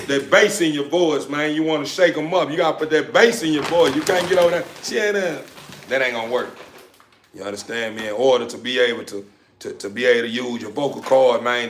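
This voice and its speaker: A man with a mid-range, slightly bright voice chats casually on a live stream while handling his dogs indoors. The dog breeder speaks in a laid-back drawl, repeats phrases, and now and then hollers sharply at the animals. The room is echoey with faint background noise.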